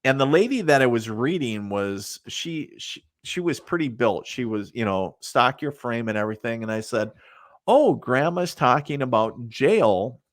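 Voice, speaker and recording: In a casual podcast interview, a middle-aged man, a psychic medium, tells meandering stories full of fillers and laughs at them. His medium-pitched voice is animated yet unhurried. The sound is studio quality, with no room sound.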